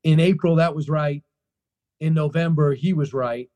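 A man answering interview questions about his book, telling it like a story with plenty of emphasis. His voice sits a bit higher than most men's yet sounds dark and mellow. He talks in bursts, restarting and repeating his key phrases. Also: moderate pace. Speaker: author being interviewed.

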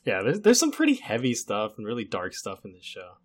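A man's voice: fairly low pitch, huge pitch swings, brisk. A man co-hosting a podcast, steering a casual chat in an easygoing, chatty way. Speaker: podcast co-host steering the discussion.

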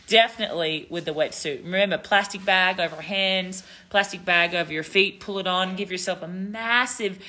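Australian woman host, casual live Q&A, low pitch, bright tone. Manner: chatty coaching tips, with fillers. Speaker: podcast host.

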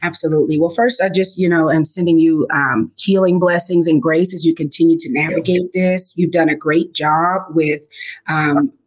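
Young woman guest, hyping up the host, slangy and encouraging, lowish voice. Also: steady tone, moderate pace. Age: young adult. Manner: encouraging, affirming, colloquial. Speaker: guest, media specialist. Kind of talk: casual radio chat.

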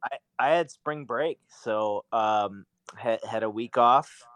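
A young man co-hosting a podcast, talking in a relaxed, laid-back way in a voice of middle pitch. The sound is close and dry. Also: slow, no echo. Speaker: podcast co-host. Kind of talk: casual chat.

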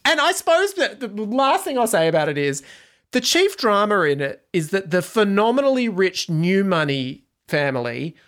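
A woman co-hosting a podcast over a video call, chatting casually with animated, laughing enthusiasm and some swearing. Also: medium pitch, normal speed. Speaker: podcast co-host. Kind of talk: casual chat.

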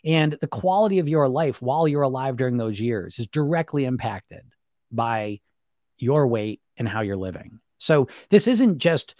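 A man coaching weight loss on a live stream, talking rapidly and bluntly, swearing casually and tagging his points with "right?" and "you know?". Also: fairly high pitch, expressive, darkish tone, dry recording, clean studio sound. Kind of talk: live-stream monologue to viewers.

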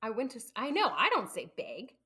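A woman's voice: a little high, huge pitch swings, a little fast, sharp tone, slightly rough. A woman from the Midwest with a Midwestern accent, co-hosting a Bible study podcast, teasing and laughing easily in casual chat over a video call.

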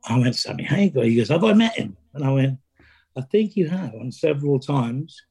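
A middle-aged man, telling stories as an interview guest, halting, restarting, and acting out quoted lines. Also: medium pitch, expressive, creaky, a little mellow, breathy edge. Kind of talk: conversational storytelling.

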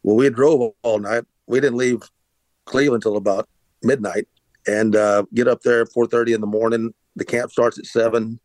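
A man's voice: mid-range voice, steady tone, moderate pace, darkish tone, no echo, poor audio. A middle-aged man, telling a long rambling story about his past as an interview guest, with many restarts and fillers. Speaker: interview guest, former pitcher. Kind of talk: casual storytelling.

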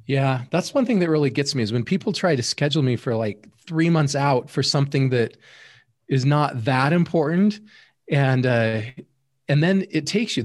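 A man hosting an interview, talking in a relaxed way between short agreeing interjections. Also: medium pitch. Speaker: podcast host. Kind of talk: interview conversation.

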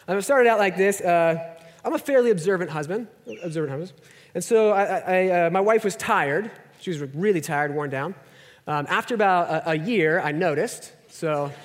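A man in his thirties preaching a conversational, self-deprecating sermon, often dropping to a near-whisper for emphasis. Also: high-pitched. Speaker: pastor. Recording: long hall reverb.

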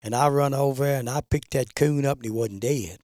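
A man's voice: medium pitch, a little fast, a little mellow, no room sound, studio quality. An older man telling a folksy story in plain rural speech as a podcast guest. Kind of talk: casual storytelling.

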